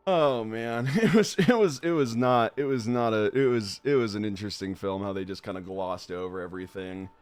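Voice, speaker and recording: A young man live-streams a horror game, rambling into tangents with lots of swearing and laughter and quickly reading on-screen text aloud. His voice is low-leaning and smooth, and the recording is dry.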